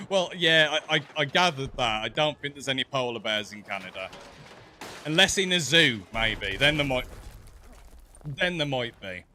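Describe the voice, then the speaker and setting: A young English man with a softened Black Country accent talks casually over his gameplay, laughing easily and stumbling over his words now and then. His voice is bright and forward, with a pitch that sits in the middle. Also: animated, unhurried, slight background noise. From English West Midlands. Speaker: streamer. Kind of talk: casual chat while gaming.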